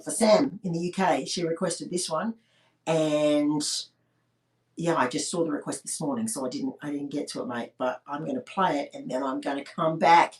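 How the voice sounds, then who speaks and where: A woman's voice: low voice, a little mellow, recorded from a distance. A woman hosting a comedy livestream from home, chatting cheekily and crudely with viewers between songs. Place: home during lockdown. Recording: echoey room, voice off-mic.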